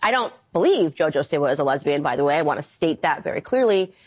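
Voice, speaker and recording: Husky lady commentator talking fast and pointed, deep-ish voice, muffled clip. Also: expressive. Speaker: online commentator. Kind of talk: commentary video.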